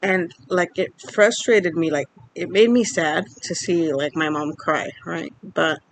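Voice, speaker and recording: A woman's voice: lowish voice, fairly even intonation, a little slow, a little hiss or hum. A young woman in her twenties, from Mexico, candidly telling a personal story in a casual vlog, rambling with lots of fillers. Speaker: vlogger.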